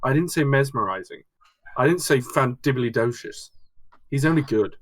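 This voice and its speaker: A man's voice: medium pitch, expressive, moderate pace. A young man co-hosting a casual album review podcast, joking crudely and slipping into mock voices. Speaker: podcast co-host.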